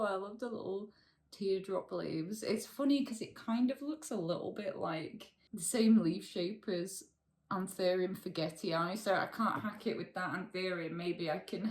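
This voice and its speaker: Casting note: woman vlog host, slightly low voice, close-mic, gushing, excitable, fumbles names. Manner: gushing, excitable, stumbles over plant names. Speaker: plant channel host. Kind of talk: casual unboxing vlog. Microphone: close to the microphone.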